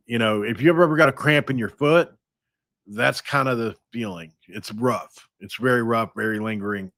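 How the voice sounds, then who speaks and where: A man hosting a sports podcast, talking casually and thinking out loud with frequent restarts. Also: on the low side, dry recording. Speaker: podcast host.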